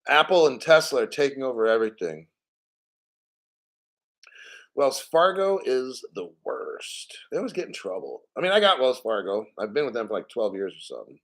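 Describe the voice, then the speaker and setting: A man's voice: mid-range voice, sing-song, moderate pace, a bit bright. A man hosting a casual livestream, reading financial news and chat comments aloud and giving blunt, profane opinions.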